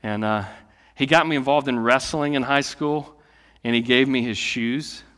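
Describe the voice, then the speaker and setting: A man's voice: medium pitch, moderate pace, clear, resonant tone. Man preaching in a reverberant hall. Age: late 30s. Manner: conversational preaching, swinging from loud to hushed. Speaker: pastor. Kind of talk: sermon.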